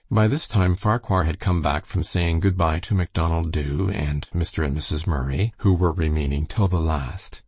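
A man's voice: very deep voice, normal speed, hardly any pauses, darkish tone, husky, no room sound. A man reading a novel aloud as an audiobook narrator, expressively. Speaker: audiobook reader. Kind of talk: scripted narration.

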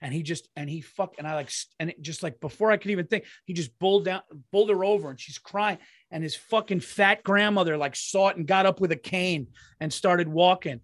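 A man's voice: high voice, a little fast, few pauses, no echo, clean studio sound. A man co-hosting a podcast who rants in an exasperated, profane way during casual banter. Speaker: podcast co-host.

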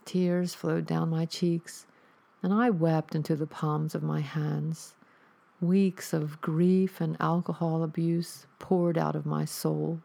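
Low gravelly woman narrating horror. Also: flat delivery, slow pace, dark tone. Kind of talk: scripted horror story narration.

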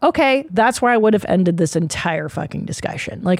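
A woman's voice: mid-range voice, lively intonation, fairly quick, hardly any pauses, darkish tone, no room sound, clean studio sound. Blunt, profane woman in her forties. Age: 40s. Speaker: podcast host. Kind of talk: casual comedic chat.

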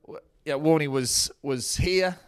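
A man's voice: fairly high pitch, a little slow, smooth. Laid-back man telling stories. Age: 40s. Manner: chatty and laid-back, with many restarts. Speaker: former teammate telling stories. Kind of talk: casual anecdotal interview.

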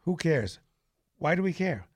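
A man hosting a call-in radio show, asking quick, jokey questions. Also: fairly high pitch, big pitch swings, slightly rough. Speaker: radio host.

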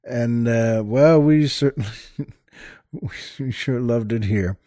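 A man's voice: medium pitch, slow pace, warm tone, dry recording, clean studio sound. A man hosting a podcast in a casual monologue, rambling with many fillers and restarts. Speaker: podcast host.

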